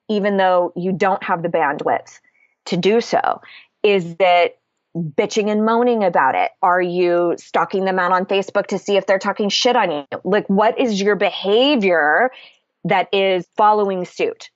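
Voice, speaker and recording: Woman guest coach, casual and blunt, low voice, dry, slightly dull sound. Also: normal speed, no room sound. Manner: candid, casual, swears freely. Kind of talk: podcast interview, explaining a method.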